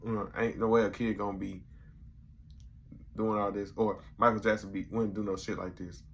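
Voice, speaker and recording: A young man with a slightly low, bright, forceful voice reviews a comedy episode in loose, casual slang. He retells the scenes and acts out the quotes as he goes. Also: little pitch movement, normal speed, a little hiss or hum. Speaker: YouTube reviewer.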